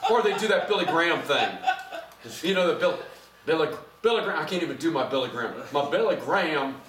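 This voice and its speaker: A middle-aged male pastor delivers a conversational, animated sermon, his fairly high voice rising in volume as he preaches. He stands some way from the microphone, and the church around him rings with echo. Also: fast. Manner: conversational, animated, gets louder when preaching. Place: church sanctuary. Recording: echoey church from a distance.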